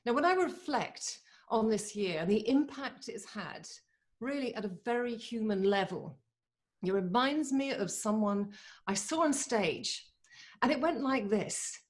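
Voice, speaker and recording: A woman's voice: on the high side, animated. Eager woman giving an online talk. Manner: eager and chatty, with quick bursts and laughs. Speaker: motivational speaker. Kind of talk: live online motivational talk. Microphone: video call.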